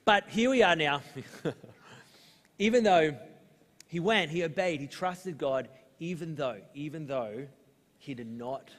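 A young adult man with an Australian accent, preaching a sermon as pastor in a relaxed, storytelling way with lively asides. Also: mid-range voice. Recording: long hall reverb.

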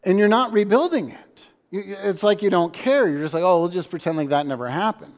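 A man's voice: high-pitched, fairly quick. A man voicing God as a stern male figure who scolds his people insistently.

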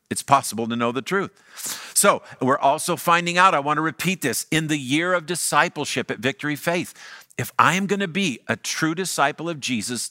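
A man's voice: on the high side, bright, forceful tone, no echo, studio quality. A middle-aged man preaching a sermon as pastor, emphatic and repeating his key lines.

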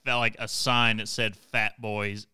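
A man's voice: fairly low pitch, little pitch movement, a little slow, sharp tone, smooth, no echo. A man with an Eastern Kentucky accent chatting casually on a podcast, rambling and self-deprecating, laughing often. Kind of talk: casual chat.

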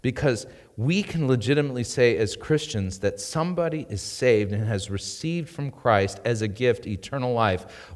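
A man preaching a sermon as pastor, emphatic and swinging between loud and quiet. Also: medium pitch, long reverb tail. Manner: emphatic preaching with rising and falling intensity. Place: church.

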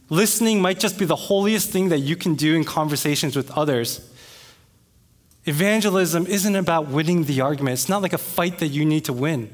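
A man preaching a sermon as pastor, talking in a conversational way and becoming animated when he retells an argument. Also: fairly high pitch. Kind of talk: sermon with personal story. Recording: long reverb of a hall.

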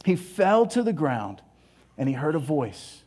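A man preaching a sermon, animated, acting out scripture voices and dropping to hushed tones. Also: on the high side, unhurried. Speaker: pastor.

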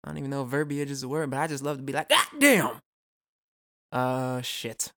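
A young man hosting a solo podcast, talking fast and casually with a lot of swearing, rambling off on tangents and throwing in self-mocking jokes. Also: medium pitch, flat delivery, vocal fry. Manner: rambling, profane, goes off on tangents; jokey, self-mocking asides. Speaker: podcast host.

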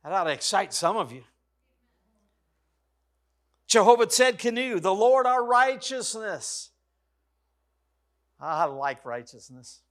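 Male pastor, middle-aged, high voice, emphatic sermon cadence, jumps from shouts to near-hush. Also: very animated, slow, long pauses. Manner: swings between loud exclamations and hushed soft passages; emphatic, repetitive preaching cadence.

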